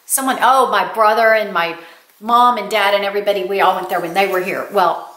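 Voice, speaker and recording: A woman's voice: medium pitch, fairly even intonation, brisk, a bit bright. An older woman, telling stories to her viewers in a chatty, casual way. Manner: chatty storytelling, addresses viewers as y'all. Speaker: lifestyle vlogger. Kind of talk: casual chat. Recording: roomy echo.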